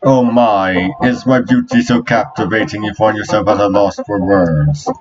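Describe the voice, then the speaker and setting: A man's voice: lowish voice, music in the background, natural voice. A man doing a smug Italian-accented nobleman. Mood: preening. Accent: put-on Italian. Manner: smug, drawn-out and lofty. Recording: dull lo-fi recording.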